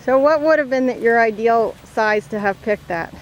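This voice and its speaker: A woman's voice: on the high side, moderate pace, muffled recording. A woman hosting a casual garden tour outdoors, asking lots of questions. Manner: curious, asks many questions. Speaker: host. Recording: outdoor recording with clear background noise.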